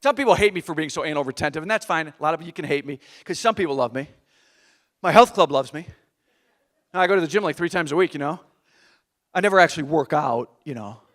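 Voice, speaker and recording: A middle-aged man performing live stand-up comedy on a theater stage, animated and exasperated, with audience laughter behind him. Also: on the high side, quick pace. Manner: animated, acts out exasperated voices.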